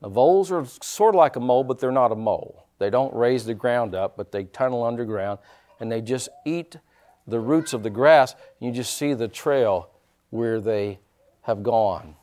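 A man's voice: medium pitch, moderate pace. A man preaching a sermon. He calls out to the congregation, repeats his lines for effect and drops in folksy, joking asides. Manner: animated preaching with call-and-response and repeated phrases. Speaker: pastor.

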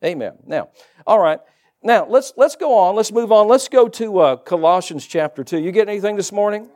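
A man's voice: high-pitched, expressive, moderate pace, a little mellow. A middle-aged man preaching a sermon as pastor, folksy and joking asides to the congregation.

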